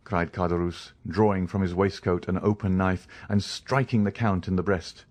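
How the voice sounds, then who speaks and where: A man narrating a classic novel in a measured, dramatic audiobook reading. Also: deep voice, fairly even intonation. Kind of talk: scripted narration.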